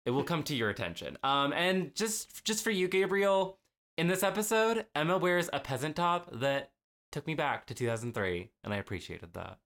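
A young adult man co-hosting a casual podcast, animated and fond of quick jokes. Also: fairly high pitch. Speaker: podcast co-host. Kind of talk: casual chat.

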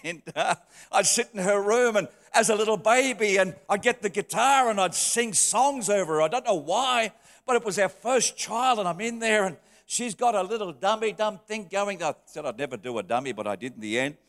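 High-voiced pastor in a reverberant hall. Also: male voice, expressive, moderate pace. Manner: heartfelt storytelling, dropping soft then rising. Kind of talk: sermon.

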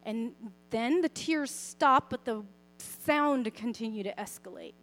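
A young woman giving a personal faith talk, speaking expressively and conversationally, often softening to a quiet, gentle tone. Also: on the high side, slow pace. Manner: conversational, with fillers and self-corrections. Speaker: Christian speaker sharing a parenting story.

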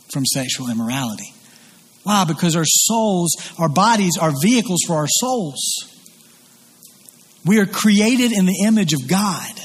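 In a large church hall full of long reverb, a male pastor gives a sermon in a high, slightly husky voice. He's earnest and emphatic, circling back to his phrases again and again.

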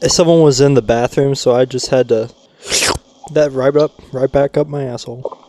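A man chatting casually on a podcast, adding quick, crude reactions. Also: mid-range voice, steady tone, dark tone. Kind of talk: casual chat.

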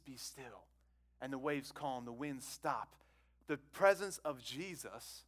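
A man preaching a sermon to a congregation, conversational and repetitive, asking them questions and swinging between loud exclamations and hushed phrases. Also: fairly high pitch. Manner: conversational, repeats words, asks the congregation questions. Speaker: pastor.

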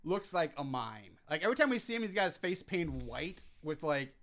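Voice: medium pitch, sing-song, fairly quick, a bit bright. A podcast co-host recapping a film scene in casual chat, telling it graphically and acting out the quotes with laughs.

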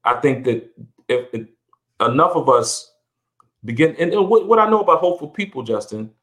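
A middle-aged man talks earnestly as a guest on a podcast, in a reflective, conversational interview. His voice is on the high side and fairly bright, with lively intonation and a moderate pace. He often repeats and restarts words, and his pitch climbs when he stresses a point.

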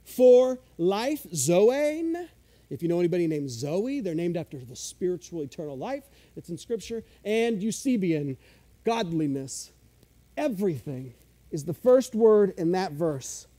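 High-voiced, mellow, chatty male pastor. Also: a little slow. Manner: conversational, self-deprecating, explains Greek words with excitement. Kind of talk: sermon.

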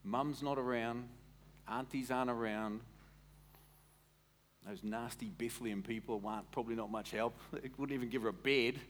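A man preaching a sermon as a pastor, in an animated, conversational way that quizzes the congregation. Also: medium pitch, moderate pace, slight background noise.

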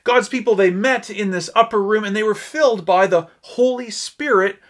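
A male pastor delivering a sermon in an earnest, emphatic way, pausing on key words. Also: high-pitched, fairly bright tone.

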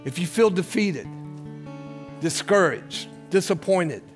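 A man in his sixties preaching from the pulpit, telling homely stories before swelling into fervent appeals and calls to the crowd. His voice sits fairly high for a man. Soft music hums underneath. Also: animated, slow. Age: 60s. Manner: folksy storytelling that builds to fervent preaching with call-outs. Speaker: pastor. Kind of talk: sermon. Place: church service.

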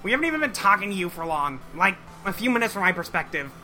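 A man's voice: sits high, big pitch swings, fast talker, bright, forceful tone, soft background music, exaggerated voice. A man voicing a crude, contrary young male alien troll, talking in a nasal, mocking, insulting way. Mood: taunting.

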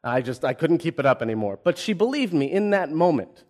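Young pastor telling stories from the pulpit. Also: male voice, fairly high pitch, very animated, brisk. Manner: storytelling, self-deprecating humor. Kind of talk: sermon.

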